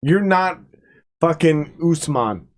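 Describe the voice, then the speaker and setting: A man's voice: a little high, animated, takes it slowly. A man, a podcast guest, chatting casually and telling a crude story with playful repetition. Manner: playful, repeats phrases for comic effect. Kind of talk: casual chat.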